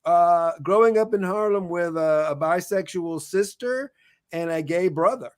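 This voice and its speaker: Male interview host, a bit high-pitched and affirming, recorded dry. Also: no echo. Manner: affirming, quick back-channel responses. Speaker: podcast host.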